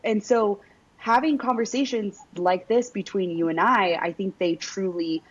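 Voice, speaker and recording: A woman's voice: medium pitch, a little slow, husky. A woman hosting a podcast, talking emphatically and bluntly, swearing and leaning on "like" and "right?". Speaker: podcast host. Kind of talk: casual podcast conversation. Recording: dull lo-fi recording.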